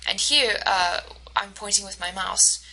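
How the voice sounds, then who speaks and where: A woman instructor giving a recorded lecture over slides, explaining patiently and slowing down to model the stressed words. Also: mid-range voice, pushed and bright, a little hiss or hum, poor audio. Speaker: university instructor.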